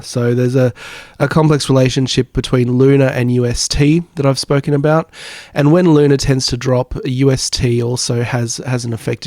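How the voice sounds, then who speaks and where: Croaky-voiced man with a hesitant delivery. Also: mid-range voice, mellow, no room sound, clean studio sound. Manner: hesitant, many fillers and restarts. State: croaky, recovering from illness. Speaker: crypto YouTuber. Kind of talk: casual market commentary.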